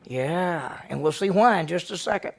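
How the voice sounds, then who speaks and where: A man, a pastor, teaching a Bible study class, reading scripture aloud and quizzing his listeners with lively questions. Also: fairly high pitch, normal speed, vocal fry.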